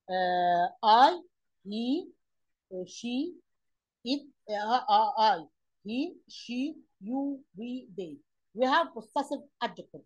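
A woman teacher walks young pupils through an English grammar exercise. Her voice is slightly husky and sits a bit high. She talks it through step by step, with many fillers and questions to the class. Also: a little mellow, poor audio. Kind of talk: recorded online lesson.

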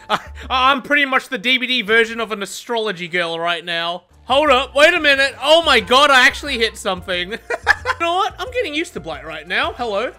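A woman giving excitable gameplay commentary, swearing, laughing often and mocking herself. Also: fairly high pitch. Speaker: gaming content creator.

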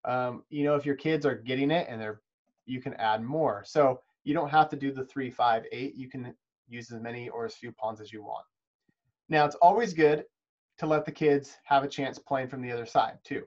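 This instructional webinar features a man showing preschool educators how to teach chess, speaking in a warm, encouraging, practical manner. His voice is medium-pitched at a normal speed, and the high frequencies are clipped by his video call microphone.

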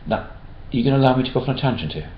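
A man's voice: mid-range voice, lively intonation, very fast. A man answering backer questions in a casual chat, hesitant, with many restarts. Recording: roomy dull-sounding room recording.

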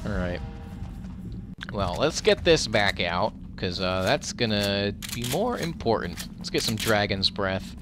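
A man giving let's play commentary over his gameplay. He reacts loudly and profanely, talks back at the enemies and mutters while he loots. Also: on the low side, measured pace, music in the background. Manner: excitable, profane, talks to the game as he plays. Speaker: gaming commentator.

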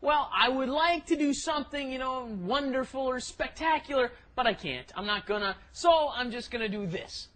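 A co-host explaining grammar with enthusiasm in a casual language lesson podcast. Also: male voice, very high voice, normal speed, few pauses, fairly bright tone.

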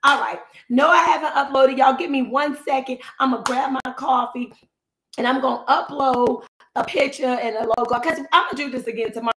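Slightly hoarse, chatty woman livestreaming. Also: high-pitched, fairly quick, roomy sound, rough recording. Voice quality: slightly hoarse, losing her voice. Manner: chatty, animated, talks straight to viewers. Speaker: finance coach. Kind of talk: casual live stream chat. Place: at home, cutting flowers. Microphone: phone livestream.

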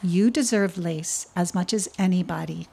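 A woman voicing a gentle female snail in a storybook reading, speaking quietly and calmly. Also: on the low side, moderate pace, vocal fry, slightly rough.

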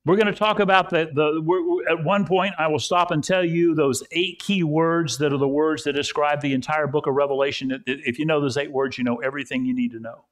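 A man's voice: on the high side, fairly even intonation, a little fast, few pauses. A male pastor preaching a conversational sermon at a church service, telling stories and repeating phrases for emphasis.

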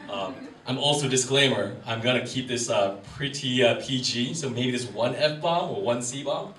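A man's voice: medium pitch, moderate pace, a bit bright. A man, doing a rambling, self-deprecating stand-up set in a comedy club. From Wisconsin, USA. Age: 30s. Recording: roomy live venue, distant mic, crowd ambience. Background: room noise and audience.

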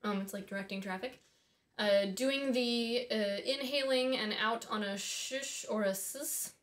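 A woman with a somewhat high voice gives a relaxed singing lesson. She talks in a friendly, conversational way and thinks out loud as she goes. She often breaks off for quick asides to her viewers. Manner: chatty and friendly, thinks aloud with small asides. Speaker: voice and harp teacher. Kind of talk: casual instructional talk.

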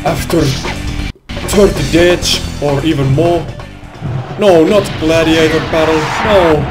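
A man doing let's play commentary, excitable, exclaiming and swearing at the game. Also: high-pitched. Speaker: gamer. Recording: game music behind voice.

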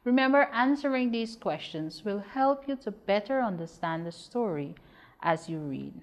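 A woman teacher giving a broadcast lesson to children, speaking slowly and spelling words out letter by letter. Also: mid-range voice. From Guyana. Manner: slow, deliberate, spells words letter by letter and drills syllables. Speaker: primary school teacher. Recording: long reverb.

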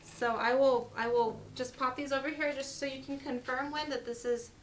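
A woman's voice: high voice, steady tone, normal speed, distant mic, a little hiss or hum, low-quality recording. Upbeat woman hosting a live sale. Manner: chatty, upbeat, reads lot numbers and prices. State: losing her voice. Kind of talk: live jewelry sale chat.

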